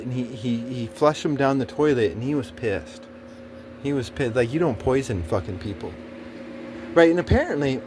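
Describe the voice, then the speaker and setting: A man's voice: mid-range voice, a little hiss or hum. Rambling, profane man telling a story. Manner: rambling, profane, many fillers and restarts. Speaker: storyteller recounting a personal experience. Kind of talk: casual monologue.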